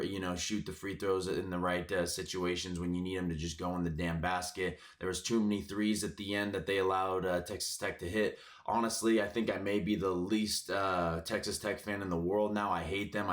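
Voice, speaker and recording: A man hosting a sports betting picks channel, ranting casually with lots of cursing, filler words and frustration, a bit hoarse from yelling. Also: sits low.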